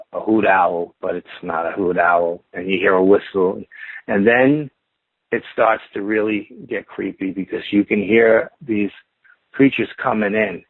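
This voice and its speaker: Husky man telling stories over a phone line. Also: fairly low pitch, dry recording. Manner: rambling, repetitive build-up with stacked "and then you hear" phrases. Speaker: interview guest telling Bigfoot encounter stories. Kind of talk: casual storytelling.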